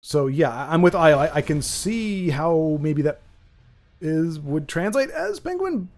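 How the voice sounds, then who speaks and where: A man's voice: fairly high pitch, very animated, a little slow. A man hosting a livestream, talking in a rambling, playful, self-correcting way to his chat. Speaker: streamer host.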